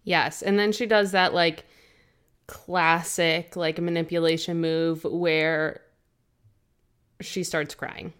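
A young woman co-hosting a book podcast, chatting in a relaxed, casual way, with lots of "like" and "um". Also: sits low, takes it slowly, long pauses, clear, resonant tone. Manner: relaxed, fillers like "like" and "um". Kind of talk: casual chat.

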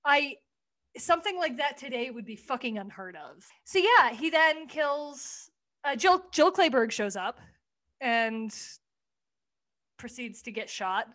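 High-voiced animated woman podcaster. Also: unhurried. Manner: animated, swearing, acts out quotes. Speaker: podcast co-host. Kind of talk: casual chat recapping a comedy sketch.

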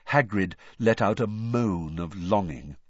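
A man narrates a storybook with a dramatic, expressive delivery and lively pitch. His voice is husky, heard close and dry on a dull recording. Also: slow pace, dry recording. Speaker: audiobook narrator.

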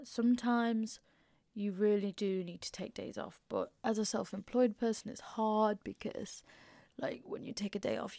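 A young woman talks in a loose, chatty way with a broad East Midlands Mansfield accent. She is blunt and candid and swears freely. Her voice sits at a middling pitch, recorded close and dry with no room sound. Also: dark tone, dry recording. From English Midlands (Mansfield). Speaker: podcast host. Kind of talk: casual chat.

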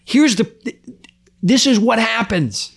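A middle-aged man, a firefighter guest on a podcast, telling a personal story with raw emotion, often repeating and restarting his words, his voice rising when worked up and dropping off quietly. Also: very high-pitched, lively intonation, takes it slowly, gravelly, husky.

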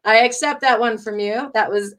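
A woman's voice: on the high side, moderate pace, a bit bright. Woman host on a live stream, chatty, reads comments, laughs a lot. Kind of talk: casual live-stream chat reading comments.

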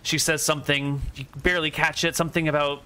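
A man's voice: a little high, level tone, fast talker, sharp tone, clear, resonant tone. A man narrating a tabletop game as game master, with a dry, teasing manner.

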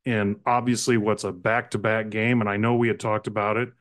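A man co-hosting a sports podcast, chatting excitedly about high school games and often correcting himself mid-sentence. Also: fairly quick. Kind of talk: casual sports talk.

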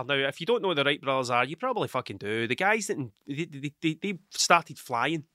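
A man's voice: on the high side, animated, fairly quick, few pauses, sharp tone, no echo, clean studio sound. A man, a father, rambling through a casual solo podcast monologue, swearing often and losing his train of thought. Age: adult with children. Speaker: podcast host.

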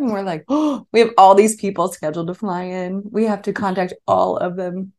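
Woman, thirties, casual chat, animated storyteller, laughs a lot, mid pitch. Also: a little fast, few pauses. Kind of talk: casual conversation.

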